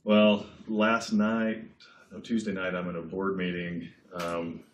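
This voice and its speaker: A man's voice: low voice, little pitch movement, takes it slowly, slight background noise. A man giving a casual classroom lecture, chatty and digressive, often checking in with his students. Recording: echoey classroom.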